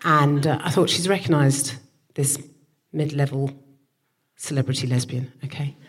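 A woman in her forties, a comedian co-host telling a sweary, animated story live on stage. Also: sits low, moderate pace, background noise. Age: 40s.

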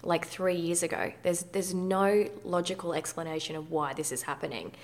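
Speaking at a moderate pace in a steady tone, this thirtysomething woman has a voice on the low side. She is a guest in a candid interview about personal matters, frank and conversational, with mild swearing.

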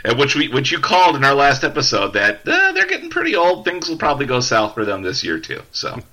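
A man's voice: medium pitch, huge pitch swings, fairly quick, bright, forceful tone. A man co-hosting a casual sports podcast, blunt and matter-of-fact. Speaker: podcast co-host.

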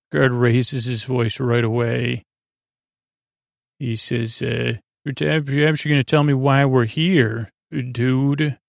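Speaking in casual chat, a man hosting a podcast walks through an episode's story, stumbling and padding pauses with lots of fillers. His mid-range voice is gravelly and creaky, his tone flat and steady, and characters' lines come out in his plain voice. The mic is close and the recording dry.

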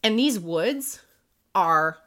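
A woman co-hosting a podcast who retells a book's plot in casual chat. She is animated, swears freely and laughs often. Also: medium pitch, very slow. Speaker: podcast co-host. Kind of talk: casual book recap chat.

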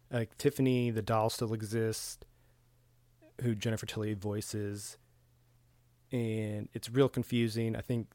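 A man's voice: on the low side, a little mellow, no room sound. A man hosting a podcast in a casual, rambling style, with lots of fillers, restarts and the odd chuckle. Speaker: podcast host.

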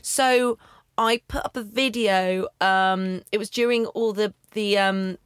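A woman chatting casually as a podcast guest, animated and laughing often as she acts out what people said. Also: medium pitch, takes it slowly, clean tone, dry recording, clean studio sound.

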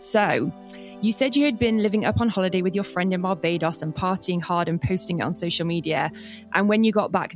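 A woman hosts an interview with a somewhat low voice. She reads a prepared lead-in to her guest and reacts with warm, encouraging remarks, with soft music playing behind her. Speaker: podcast host. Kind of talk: interview, partly reading a scripted intro.

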